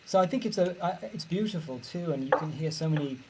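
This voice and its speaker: A man's voice: a little high, fast, heavy background noise. A middle-aged British man answering interview questions as an author, musing and enthusiastic about how language sounds, on a video call. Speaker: author guest.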